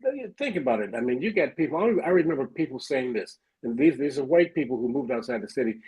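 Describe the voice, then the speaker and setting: An older man with a Detroit accent, a former police chief talking as a radio guest, telling stories with halting, repeated words. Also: mid-range voice, sing-song, a little mellow, slightly rough, rough recording. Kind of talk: casual radio talk.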